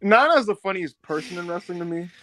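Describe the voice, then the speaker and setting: A man co-hosting a podcast in casual chat, animated and swearing freely as he acts out quotes. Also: sits high, fairly quick, no room sound. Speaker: podcast co-host.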